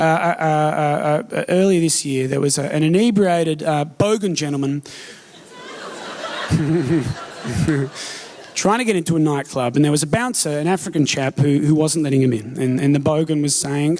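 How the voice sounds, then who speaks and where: High-voiced stand-up comic. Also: male voice, background noise. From Canberra, Australia. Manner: stammering restarts, animated, laughing through punchlines. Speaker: stand-up comedian. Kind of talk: live stand-up storytelling. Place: theatre stage before an audience.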